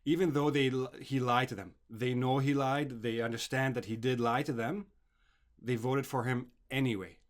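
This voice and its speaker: A man teaching a grammar lesson. He explains each point step by step and often pauses to ask "okay?". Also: mid-range voice, steady tone. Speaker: English writing teacher.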